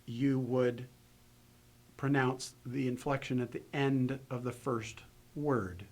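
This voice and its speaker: A man giving a recorded lesson on grammar, explaining step by step in a measured way with pauses. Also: medium pitch, steady tone, a little mellow. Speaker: Hebrew grammar instructor. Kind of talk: recorded lecture.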